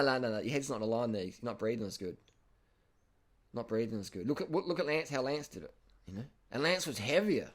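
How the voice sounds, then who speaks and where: Blunt Australian man commenting casually. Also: medium pitch. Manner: excitable, blunt, swears, repeats phrases. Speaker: cycling video host. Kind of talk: casual commentary over race footage.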